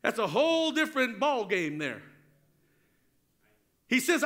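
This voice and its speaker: A man's voice: sits high, sing-song, a little slow, pauses often, fairly bright tone. A man preaching a sermon as pastor, fervent, drawing call-and-response from the congregation.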